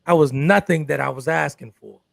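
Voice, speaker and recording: A man with a deeply gravelly, crackling voice, pitched a touch above the usual for men, hosting a live relationship talk show. He speaks emphatically and keeps circling back to the same phrases. The sound is dry and close to the mic. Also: brisk, no room sound. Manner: emphatic, repeats phrases like "exactly" and "good stuff".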